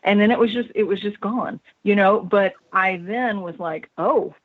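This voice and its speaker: A woman who is an author and paranormal researcher, telling a story as a guest on a talk radio show in an animated way. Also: medium pitch, moderate pace, no room sound. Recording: tinny phone line, dry.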